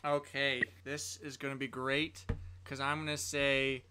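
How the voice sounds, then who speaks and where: A man playing at a tabletop gaming session, talking casually and playfully as he lays out his character's moves. His voice sits at a plain middle pitch, easygoing and conversational. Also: flat delivery, a little slow, bright, forceful tone, slight background noise. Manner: playful, talks through his character's actions. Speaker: player.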